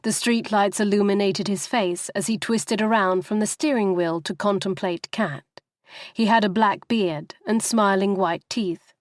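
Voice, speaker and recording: A woman narrating a novel in a steady, even storytelling manner, close to the microphone. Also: mid-range voice, unhurried, dry recording. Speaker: audiobook narrator.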